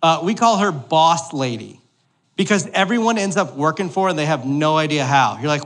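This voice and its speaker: A man in his thirties preaches a sermon in a church hall, his voice sitting a little high for a man. He talks in a relaxed, joking way and keeps checking in with the room. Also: normal speed. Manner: joking, conversational, keeps asking "all right?". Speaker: pastor.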